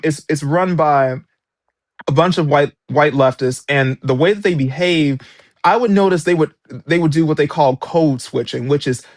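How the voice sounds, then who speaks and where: A man's voice: on the high side, dry recording. Man, interview guest, emphatic, indignant storyteller, dry close recording. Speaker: author and former substitute teacher. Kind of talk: interview guest recounting experiences.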